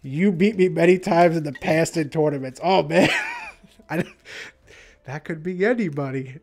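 A man chats casually on a livestream, laid-back and rambling. His voice sits a little high and he laughs often between thoughts. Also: measured pace, pauses often. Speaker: stream host.

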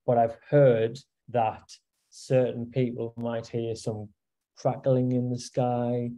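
A man's voice: mid-range voice, flat delivery, slow pace, mellow, low-quality recording. A man, an astrophotographer guest in a live Q&A, answering casually with self-deprecating humor. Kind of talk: casual Q&A chat.

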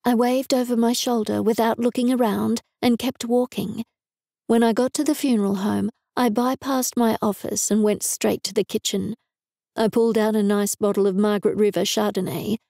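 Woman, audiobook narration, wry, dry close sound, gravelly. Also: fairly high pitch, fairly even intonation, normal speed, dark tone, dry recording. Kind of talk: scripted narration.

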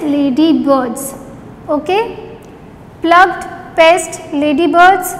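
A woman's voice: high-pitched, drawn-out words, long reverb tail, a little hiss or hum, rough recording. A woman teacher revising a lesson with young children, spelling words out letter by letter and repeating each answer. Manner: asks questions then repeats the answers.

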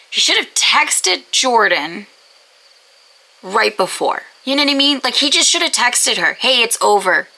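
A woman's voice: on the high side, sing-song, a little slow, gravelly, bright, forceful tone, poor audio. A young woman talking casually in a reading vlog, emphatic and gushing, full of "like" and "you know what I mean". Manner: emphatic, gushing and exasperated, filler-heavy. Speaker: book vlogger.

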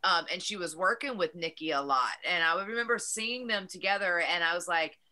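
A woman wrestler, a guest on a talk show, speaking earnestly and warmly in casual chat. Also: on the low side, a little fast. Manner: earnest, heartfelt.

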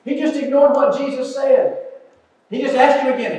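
An older preacher delivers an earnest sermon, his high voice moving between loud pleading and quiet asides. He sounds far from the mic. A heavy church echo hangs around every word. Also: fairly even intonation, normal speed. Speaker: pastor. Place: church sanctuary. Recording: echoey church sanctuary, distant mic.

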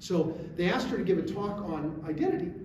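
A middle-aged man speaking to a gathering, an animated storyteller who drives his points home with emphatic rhetorical questions. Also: high voice, a little fast. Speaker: guest speaker. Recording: echoey room, distant mic, faint hiss.

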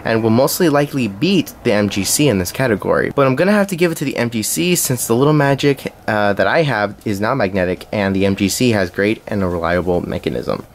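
A man's voice: on the low side, lively intonation, quick pace, hardly any pauses, slight background noise. Young man reading a cube review. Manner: reads from a script with small slips. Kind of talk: scripted review narration.

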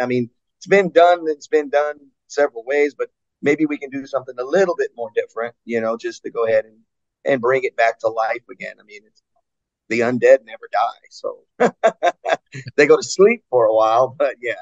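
A man and metal singer chatting in an interview, telling stories with lively acted-out quotes and frequent laughs. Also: mid-range voice, fairly quick, dry recording, lo-fi sound. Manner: animated storyteller, acts out fans' voices, laughs often. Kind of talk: casual interview chat.

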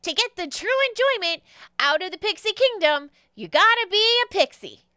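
A tiny, jolly pixie man with a high, bright, sing-song voice, as a woman puts him on. He coaxes in a lively, bouncing tone. The sound is dry and close. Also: moderate pace, no echo, full character voice. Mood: cheerful. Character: jolly pixie carnival host, male, tiny.

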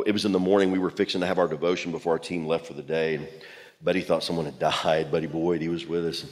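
Preacher guy, 40s, animated self-deprecating storytelling, long church hall reverb. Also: low-pitched. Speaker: pastor. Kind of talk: sermon storytelling. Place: church auditorium.

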